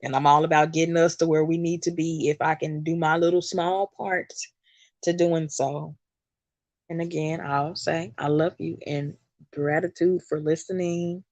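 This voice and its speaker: A woman's voice: low voice, flat delivery, normal speed, darkish tone, dry recording. A woman hosting a spiritual livestream. She sounds emotional and speaks in emphatic, repetitive phrases in a channeling style.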